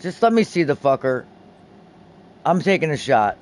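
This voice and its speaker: A young man streaming a video game, chatting casually and excitably, swearing often and restarting his sentences. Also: fairly high pitch, moderate pace. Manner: profane, excitable, many restarts.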